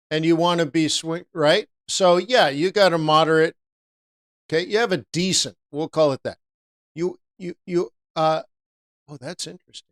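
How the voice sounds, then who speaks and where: A man with a slightly raised pitch and a smooth, crisp voice leads a live forex trading lesson. He talks in a loose, chatty way and often turns aside to answer a viewer by name. The sound is close and dry, with almost no room echo.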